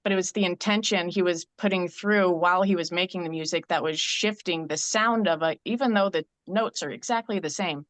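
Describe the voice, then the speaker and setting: A woman's voice: lowish voice, a little fast, few pauses, no echo. A woman in a casual podcast chat, telling a reflective story in an earnest way.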